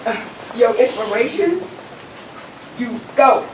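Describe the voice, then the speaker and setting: A woman's voice: fairly high pitch, lively intonation, takes it slowly. A woman in the audience speaking up with effusive praise. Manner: effusive, affirming. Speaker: audience member. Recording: echoey room from far off, noisy.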